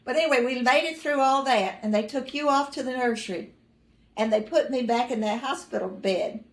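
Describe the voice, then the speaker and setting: Older lady rambling through old family stories, kinda high voice, dry funny bits, echoey room. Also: fairly quick. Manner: rambling, self-correcting, dry humor with chuckles. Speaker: mother recalling family stories. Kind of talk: casual personal storytelling.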